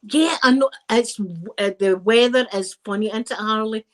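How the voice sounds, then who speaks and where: Chatty Scottish woman, higher voice. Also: normal speed, low-quality recording. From Scotland. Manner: chatty, rambling, lively asides to viewers. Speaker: live-stream host. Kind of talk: casual live-stream chat.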